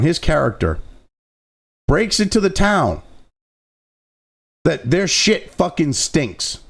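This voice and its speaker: Gravelly, animated ranting man. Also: a little high. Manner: angry, profanity-laden, sarcastic. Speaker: political commentary host. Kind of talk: profane political rant.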